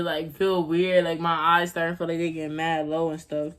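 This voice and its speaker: A woman's voice: low-pitched, level tone, brisk, few pauses, a bit bright. A young woman vlogging at home, telling a casual story in a rambling, slangy way with laughs.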